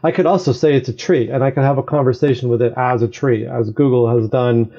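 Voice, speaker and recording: Podcast guest, male, mellow tone, lively explainer who keeps asking "right?", muffled lo-fi recording. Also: medium pitch, brisk. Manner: animated, talks in long explanations with frequent "right?". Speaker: guest, AI games designer. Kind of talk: conversational explanation.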